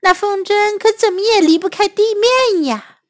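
A woman's voice: very high voice, normal speed, pitched above the performer's own voice. A woman voicing a flock of mocking robins in a bilingual children's storybook reading, teasing and scornful.

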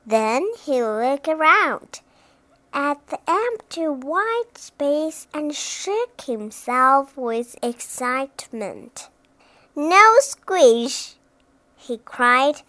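A woman narrating a children's bedtime storybook, reading aloud in a slow, deliberate, expressive way. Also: high voice.

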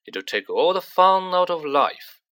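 A man's voice: high-pitched, very animated, measured pace, fairly bright tone, clear, resonant tone, pitched above the performer's own voice, exaggerated voice. A man voicing a mischievous, playful teenage twin boy in a storybook reading. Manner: playful, mock-posh.

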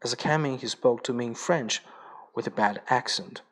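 A man's voice: mid-range voice, moderate pace, a bit bright. A man narrating a story in a plain reading voice, with the occasional slip and restart. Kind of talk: audiobook reading.

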